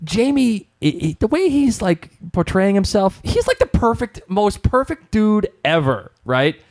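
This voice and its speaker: A man co-hosting a casual podcast chat, his pitch swinging up and down as he riffs. He talks in excited, slangy bursts and keeps tossing in jokes. His voice carries plenty of bounce. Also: unhurried. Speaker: podcast co-host.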